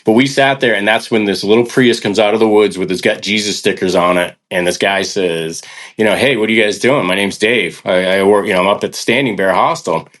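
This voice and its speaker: A man's voice: lowish voice, brisk. A man casually telling a long hiking story on a podcast, acting out the people he quotes. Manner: animated, acts out quoted people. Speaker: hiker guest on a podcast.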